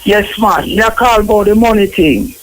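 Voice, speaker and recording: A man with a Jamaican accent calling in to a radio show, asking a halting, repetitive question in patois. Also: high voice, noisy background. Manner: halting, repeats himself. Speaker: caller. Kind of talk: phone-in question.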